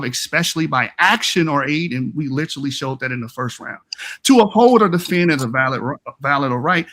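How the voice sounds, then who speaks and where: A man's voice: a little high, fairly bright tone. A man giving a combative, emphatic debate rebuttal on an online stream, taunting his opponent as he argues. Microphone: online stream call mic.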